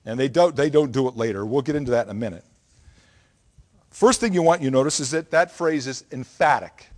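In a slightly high voice, a man preaches a Bible lesson. He explains scripture emphatically, like a teacher, and frequently checks in with his listeners.

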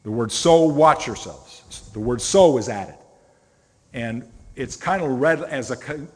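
With a fairly high voice that has a breathy edge, a middle-aged pastor preaches a sermon, telling stories conversationally and putting stress on single words. He is in a church sanctuary, where the recording carries a church hall's long reverb.

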